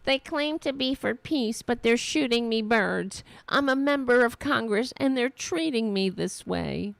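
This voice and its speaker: Woman mimicking a whiny indignant congresswoman, mocking, gravelly. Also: a little high, expressive, unhurried, no room sound.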